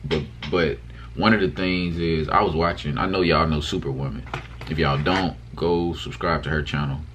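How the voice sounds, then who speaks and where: A man's voice: rumbling low, fairly even intonation, moderate pace, a bit bright, a little hiss or hum. A young man chatting casually to his viewers in a vlog, rambling loosely with lots of fillers and restarts. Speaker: vlogger. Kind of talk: casual mukbang chat to camera.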